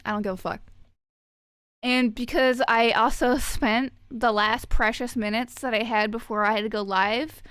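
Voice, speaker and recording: A woman streamer reads out chat messages and riffs on them, sarcastic, swearing freely and laughing often. Her voice is a bit high and sounds close and dry, with no room around it. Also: fairly even intonation, fairly bright tone, clean tone, no echo. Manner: sarcastic, profane, quick to laugh. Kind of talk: casual chat with viewers.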